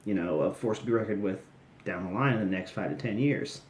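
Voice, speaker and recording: A man's voice: on the low side, brisk. Snarky rambling young man, echoey room. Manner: snarky, rambling, jokey asides. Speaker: wrestling recap host. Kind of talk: casual solo recap commentary.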